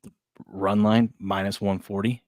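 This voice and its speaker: A man hosting a casual sports betting talk show, animated and joking, reading out chat comments. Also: on the low side, measured pace, no room sound, studio quality.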